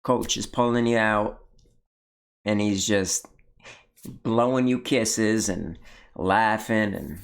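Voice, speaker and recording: A man with a low, gravelly voice gives laid-back commentary on a clip he just watched. He sounds blunt and easygoing, and he doesn't mind swearing. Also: takes it slowly, pauses often. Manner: relaxed, blunt, swears freely. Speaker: reaction video host. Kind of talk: casual commentary.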